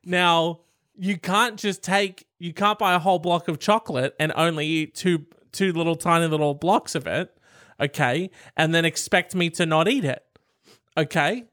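A man co-hosting a casual chat, telling stories in a wry, animated way and swearing along the way. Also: fairly high pitch, normal speed, no room sound, studio quality. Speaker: podcast co-host reading questions.

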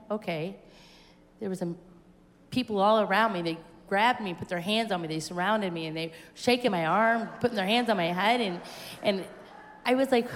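Speaking at a moderate pace with a medium-pitched voice, a woman shares her testimony during a church service. She voices the dialogue of her story and rises into fervent exclamations, and the recording carries the long reverb of an echoey church hall.

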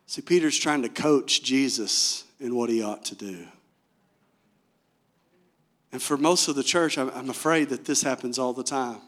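A man's voice: mid-range voice, a little slow, pauses often, fairly bright tone. A male pastor preaching a sermon, telling the story with animation and asking the congregation direct questions.

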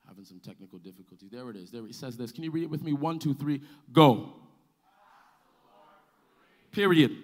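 High-voiced man preaching a fiery sermon. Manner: preaching with rising shouts and sing-song cadence. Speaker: pastor.

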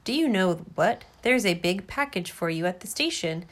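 A woman's voice: mid-range voice, animated, normal speed, lightly acted. A woman voicing a nightingale bird that brings news breathlessly and eagerly. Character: cheerful chattering nightingale bird.

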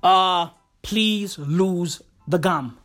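A woman's voice: a little high, animated, very slow, a bit bright, faint music behind, voice pushed down, full character voice. A woman voicing a flustered male security guard who stammers and fumbles over his words. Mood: insistent, flustered.

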